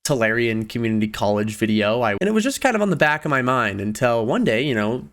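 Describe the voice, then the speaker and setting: Young guy in his 20s chatting to camera, laughs a lot, voice jumps high when he gets excited. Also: fast. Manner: animated, laughing storyteller with sudden pitch jumps. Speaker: video creator. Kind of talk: casual storytelling vlog.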